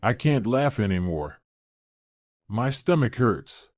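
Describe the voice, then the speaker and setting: A woman dinner guest so amused that she groans she can't laugh anymore, as a male narrator voices her. The voice is a little higher and the sound is dry. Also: very animated, slow, no room sound.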